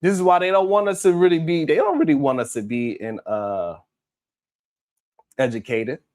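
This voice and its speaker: A man's voice: on the high side, expressive, normal speed, a little mellow. A man hosting a live stream, reading the chat and talking in a blunt, heated, profane way.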